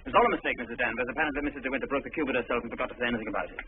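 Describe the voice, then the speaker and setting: An actor playing a brisk, teasing husband. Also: male voice, mid-range voice, slight background noise, natural voice. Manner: brisk, breezy, teasing, quick to scold. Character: brisk, teasing upper-class husband, middle-aged. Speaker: husband and master of the house. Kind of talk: 1940s film drama. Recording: tinny old film soundtrack under music.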